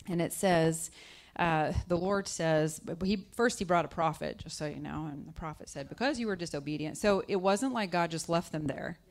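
A woman preaching a conversational sermon, asking the listeners questions and acting out scripture voices. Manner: conversational, asks the audience questions; acts out scripture voices with pitch jumps. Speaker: guest speaker.

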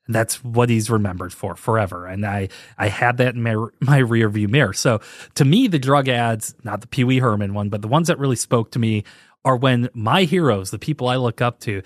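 A man in his forties hosting a podcast, rambling and joking with animated emphasis. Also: mid-range voice, a little fast, dry recording, studio quality. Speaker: podcast host. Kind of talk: casual chat.

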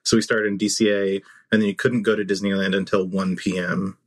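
A man co-hosting a podcast, telling stories in a relaxed, rambling way. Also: deep voice, a little fast. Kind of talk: casual chat.

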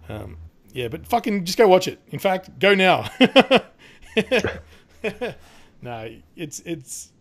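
A man's voice: high voice, very animated, slow pace. Guy rambling on a podcast, lots of ums and swearing, laughs a lot. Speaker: podcast co-host. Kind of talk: casual chat.

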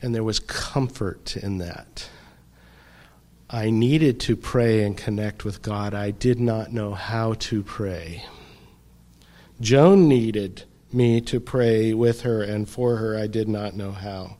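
A middle-aged man preaching a sermon, reflective and unhurried, often pausing and letting his voice drop softly. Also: on the low side. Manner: slow, reflective preaching with pauses and soft drops. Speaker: pastor.

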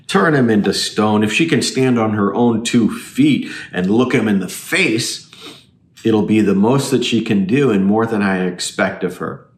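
A man's voice: on the low side, unhurried, reverberant, lightly acted. A man voicing a fatherly male talking beaver in a storybook read-aloud, with emphatic delivery.

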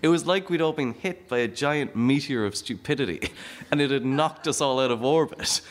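A man's voice: medium pitch, moderate pace. A man telling a comic story on stage, laughing often and acting out the people in it. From Ireland. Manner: animated, laughing often, acting out quoted voices. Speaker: stand-up comedian.

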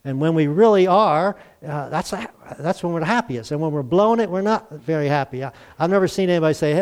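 Middle-aged man, pastor, slightly higher voice, easygoing sermon delivery with questions to the room. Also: lively intonation, a little fast, few pauses, darkish tone. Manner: conversational, with fillers and questions to the congregation.

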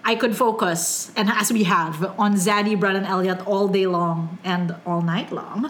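Woman podcast co-host, casual and effusive, salty language, mid-pitched voice. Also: steady tone, a little slow, slight background noise. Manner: gushing, profane, acts out quotes. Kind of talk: casual chat.

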